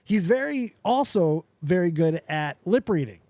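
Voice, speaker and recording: A man hosting a show, reacting excitedly to a video clip, often laughing and repeating himself. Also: high-pitched, measured pace, dry recording. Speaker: podcast host. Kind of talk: casual reaction commentary.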